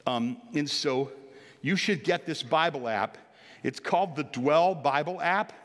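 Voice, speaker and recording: A man's voice: a little high, unhurried, fairly bright tone, big-room sound. An older man preaching as a pastor, earnest and exhorting, lifting his voice on key points. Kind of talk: sermon.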